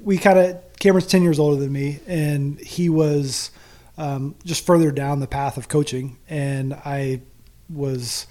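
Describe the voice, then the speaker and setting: A man's voice: on the high side, fairly even intonation, measured pace, mellow. A man in his late thirties, a golf coach, chatting casually and laughing easily in an interview.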